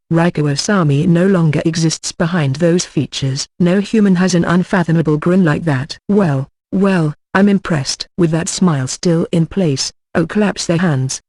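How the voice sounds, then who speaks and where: A man's voice: a little high, moderate pace, a little mellow, no room sound. Man narrating an audiobook, dry close sound. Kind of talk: first-person audiobook narration.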